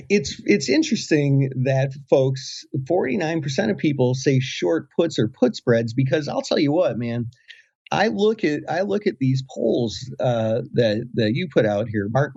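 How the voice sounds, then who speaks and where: Husky, rambling co-host man, dull sound. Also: medium pitch, warm tone. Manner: rambling, hesitant, many fillers and restarts. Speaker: podcast co-host. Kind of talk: casual podcast chat.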